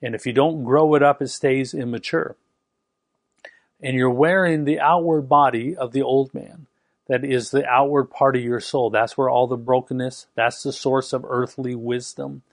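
Give me a man preaching fast and emphatically, with a dry, close sound. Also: medium pitch, fairly even intonation, no room sound. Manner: fast, emphatic, repeats and restarts words. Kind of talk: sermon.

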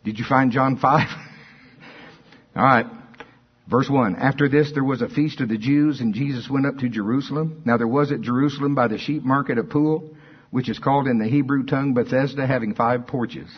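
A man preaching a sermon, moving between quiet asides and loud, emphatic declarations. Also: mid-range voice, fairly even intonation, moderate pace, slightly rough. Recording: dull lo-fi church recording.

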